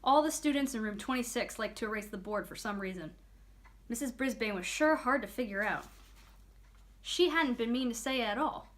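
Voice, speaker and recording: A woman reads a children's chapter book aloud, her voice sitting a little high and carrying the story along. She tells it clearly and with expression, the way a storybook is read to young listeners. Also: moderate pace. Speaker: reader.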